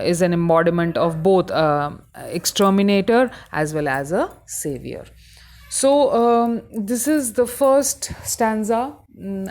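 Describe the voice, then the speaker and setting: Halting Indian woman lecturer, lowish voice. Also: a little mellow. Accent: Indian English. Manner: halting, explanatory, many fillers. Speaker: college English lecturer. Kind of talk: recorded lecture on a poem.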